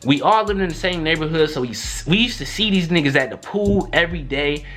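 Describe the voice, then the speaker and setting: Faint music plays behind a young man who talks briskly through a storytime monologue on his vlog. His manner is animated and slangy, and he performs quotes with large pitch jumps.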